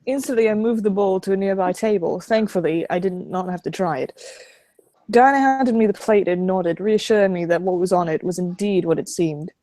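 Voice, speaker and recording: A woman's voice: medium pitch, fairly quick, mellow, dry recording. A woman streamer reading first-person visual novel narration aloud on a close home mic.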